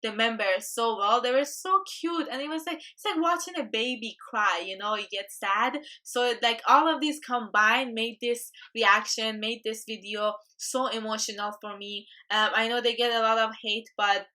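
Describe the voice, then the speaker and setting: A woman's voice: a little high, moderate pace, hardly any pauses, pushed and bright. A young woman reacting to a music video as a YouTube host, chatty and gushing with emotion.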